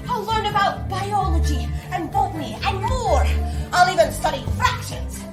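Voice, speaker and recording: A woman's voice: very high-pitched, animated, moderate pace, voice pushed up. A woman singing as an eager young schoolchild in a musical, with a put-on Scottish accent. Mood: eager, cheerful. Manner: bouncy, eager sing-song. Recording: roomy recording with loud music.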